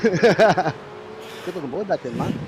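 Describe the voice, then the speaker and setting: An Australian man hosting a show, trading quick jokes and teasing the others in casual banter. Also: high voice, lively intonation, crowd noise. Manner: joking, teasing, quick-fire.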